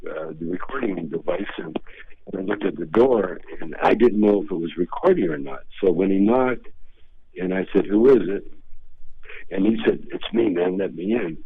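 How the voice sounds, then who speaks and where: A man's voice: sits low, normal speed, husky. A male comedian telling rambling, laid-back anecdotes as a guest in a radio interview. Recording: dull lo-fi radio sound.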